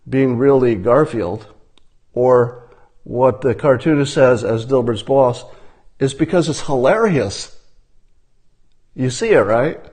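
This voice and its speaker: A man giving a deadpan satirical monologue, mock-instructional and ironic in tone. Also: medium pitch. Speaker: commentator.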